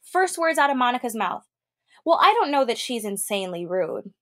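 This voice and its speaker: A young adult woman co-hosting a podcast, telling a story in casual chat and acting out the quotes with big jumps in pitch. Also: very animated, normal speed, bright, forceful tone. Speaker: podcast co-host.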